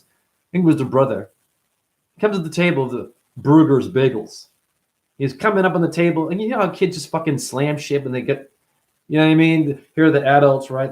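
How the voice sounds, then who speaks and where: Animated, swearing man rambling freely. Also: medium pitch. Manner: profane, playful, acts out voices of others. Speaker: spiritual teacher. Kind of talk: rambling spoken monologue.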